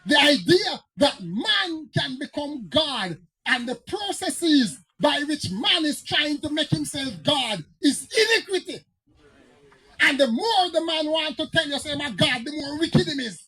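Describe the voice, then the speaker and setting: A man's voice: very high-pitched, lively intonation, unhurried, sharp tone, rough recording. A man with a Jamaican accent, preaching as a pastor and telling stories that climb into fiery, emphatic outbursts. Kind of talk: preaching Bible teaching.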